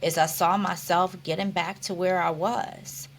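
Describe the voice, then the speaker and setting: Earnest low-voiced woman reflecting. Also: steady tone, unhurried, a little hiss or hum. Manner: earnest, reflective, with many restarts and "you know". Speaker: podcast guest. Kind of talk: conversational interview.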